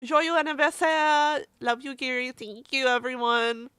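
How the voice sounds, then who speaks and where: Woman, streamer, casual livestream chat, emotional, swears casually, bright voice, dry close sound. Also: high voice, steady tone, a little slow, clear, resonant tone, no echo. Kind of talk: casual livestream chat, reading birthday messages aloud.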